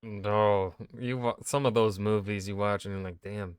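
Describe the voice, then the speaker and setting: A man's voice: lowish voice, fairly even intonation, normal speed, clear, resonant tone. A man reacting to a history video, chatting loosely with plenty of swearing and "right?"s. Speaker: YouTube host reacting to a video. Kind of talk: casual reaction commentary.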